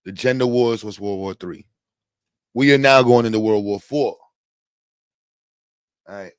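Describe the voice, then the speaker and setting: Middle-aged man, livestream host, low voice, dry close sound, joking and rambling. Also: measured pace, clean tone, no room sound. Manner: joking, rambling, loud bursts and laughs. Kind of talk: casual livestream commentary.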